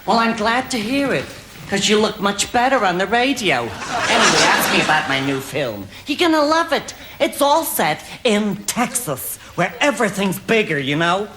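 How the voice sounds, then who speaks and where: A man playing a vain, flirty female film star in a studio sketch, talking in a breathy, gushing put-on voice full of innuendo. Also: high voice, very animated, normal speed, noisy background. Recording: loud studio audience laughter. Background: laughing studio audience.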